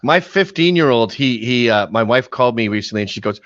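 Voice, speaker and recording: Animated middle-aged man with Canadian accent. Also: medium pitch, brisk, few pauses, no echo. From born in England, raised in Canada. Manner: animated storyteller who shouts out quoted lines. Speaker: podcast guest. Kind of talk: casual storytelling. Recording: dry, slightly dull podcast mic.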